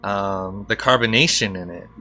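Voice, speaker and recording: A man hosting a podcast, reacting with interest and asking quick, curious follow-up questions. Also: fairly low pitch, bright, forceful tone. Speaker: podcast host. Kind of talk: casual interview chat.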